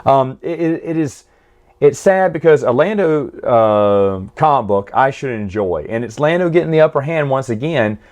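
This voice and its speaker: A man's voice: medium pitch, normal speed, darkish tone, muffled recording. A man casually reviewing comics and stories in a chatty, opinionated way, often correcting himself mid-sentence.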